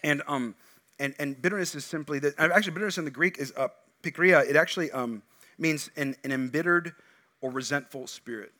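A middle-aged man preaching from the pulpit, his voice bright and a touch higher than most. He is animated, throwing out loud, emphatic bursts and then dropping into quiet, low asides. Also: brisk. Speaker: pastor. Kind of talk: sermon.

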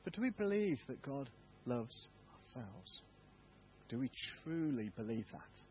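A man's voice: medium pitch, very animated, a little slow, muffled recording. An English man, a church elder, giving a candid, self-deprecating testimony sermon in a church. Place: church hall.

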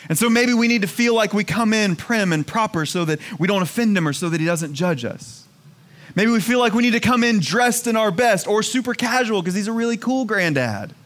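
A male pastor preaching a sermon to his congregation, moving from hushed, slow emphasis to excited, near-shouted exclamations. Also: high-pitched. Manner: dynamic, swings from hushed to exclaiming.

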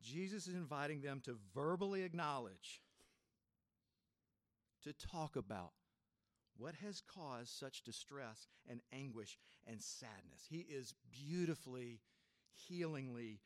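A male pastor delivers a sermon in a reflective, unhurried way, his mid-range voice giving soft laughs and dropping suddenly from firm tones to a near hush. There is no room sound.

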